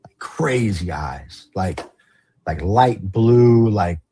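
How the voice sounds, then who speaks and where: Podcast guest from the Valley, low raspy male voice, casual storyteller who swears and rambles. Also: expressive, very slow, mellow. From Los Angeles, San Fernando Valley. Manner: casual, rambling, swears, heavy use of "like" and "you know". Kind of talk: candid storytelling interview.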